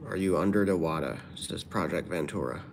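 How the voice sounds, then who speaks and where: Over some background noise, a deep-voiced man talks briskly on his livestream. Casually chatting, he reads out comments from viewers and responds in a loose, meandering way.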